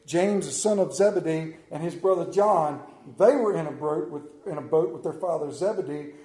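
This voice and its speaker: A man preaches with rising feeling, his voice pitched high and swinging widely up and down. He stumbles and repeats words as he gets carried away. The sound rings around a reverberant room. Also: warm tone. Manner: emotional, halting, repeats words. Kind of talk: sermon.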